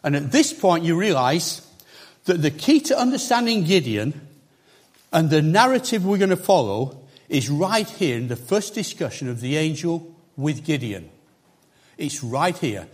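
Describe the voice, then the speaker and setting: A man's voice: a little high, big pitch swings, a little slow. A man preaching a sermon in a conversational, emphatic way, with chatty asides to the congregation.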